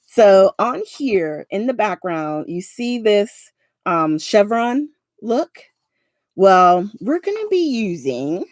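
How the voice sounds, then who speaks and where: This craft livestream host is a South Jersey woman in her forties whose New Jersey speech has a Southern tinge. She chats loosely with viewers while crafting, filling her rambling with filler words. Her voice is fairly low and darkish, with no room sound.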